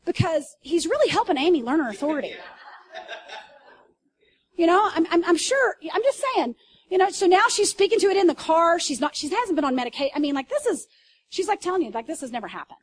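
A woman pastor preaching to a congregation, telling stories in an animated way with loud bursts and asides. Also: extremely high pitch, brisk. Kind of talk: sermon. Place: church service.

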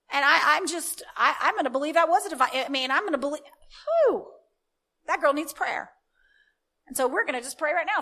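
A woman's voice: high-pitched, lively intonation, fast, pushed and bright. A woman preaching a sermon, telling stories in a conversational way and breaking into fervent declarative prayer.

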